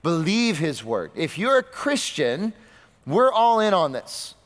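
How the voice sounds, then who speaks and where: A man preaching a sermon, asking his listeners rhetorical questions and swinging between loud, high bursts and low, quiet stretches. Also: big pitch swings, slow pace. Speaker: pastor. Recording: long reverb of a hall.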